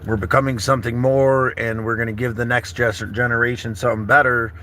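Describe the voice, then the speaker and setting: A laid-back man in his thirties rambles through a morning chat from inside his camper car, his voice bright and forward. He calls listeners brother and buddy. A faint hum of background noise sits under him. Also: mid-range voice, flat delivery, brisk. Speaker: travel vlogger. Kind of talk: casual morning livestream chat.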